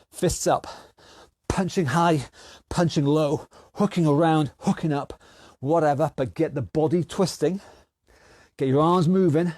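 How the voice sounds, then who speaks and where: Coaching an online exercise class, a man from the United Kingdom calls out each move, counts down the rounds and cheers people on. He speaks in a fairly high, slightly mellow voice, captured in a dry recording.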